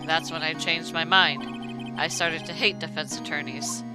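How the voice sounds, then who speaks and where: A cold, proud young prosecutor from a courtroom video game , as a woman streamer puts him on. The voice sits lower than her own, measured and formal, with music playing behind. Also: steady tone, poor audio. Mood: cool, formal. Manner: measured, formal reading with a few stumbles. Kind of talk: reading game dialogue aloud on stream.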